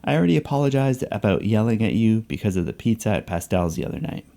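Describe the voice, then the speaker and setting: A man's voice: on the low side, expressive, quick pace, gravelly, dark tone. A man reading a novel passage aloud, voicing a vain, tense male banker who talks through gritted teeth and hisses in whispers. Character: vain, tense male Wall Street banker, simmering anger.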